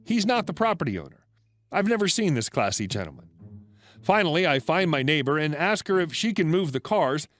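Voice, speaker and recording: A man's voice: a little high, very animated, a little fast, fairly bright tone, faint music behind. A man narrating a story in a dry, matter-of-fact scripted reading.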